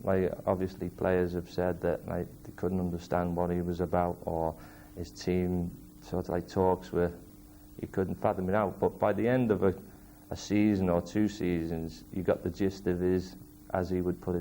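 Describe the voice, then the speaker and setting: Flat, deep man speaking hesitantly. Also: normal speed, slight background noise. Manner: hesitant, lots of "like". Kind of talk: documentary interview.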